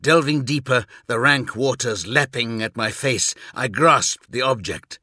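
A man reading a scripted first-person audiobook story, with measured, intense and vivid delivery. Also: medium pitch, pushed and bright, dry recording, studio quality. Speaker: audiobook narrator.

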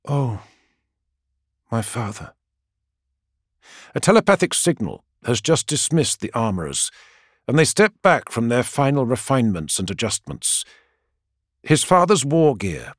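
A man's voice: medium pitch, no echo. A man reading a dramatic story as audiobook narration, close to the mic. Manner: dramatic, expressive reading with lively swings.

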